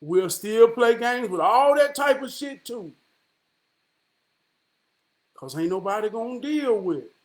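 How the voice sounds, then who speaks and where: Man, high-pitched, very animated intonation, impassioned monologue, profane, preachy, rhetorical questions. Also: a little slow, pauses often. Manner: repeats "man" as a filler.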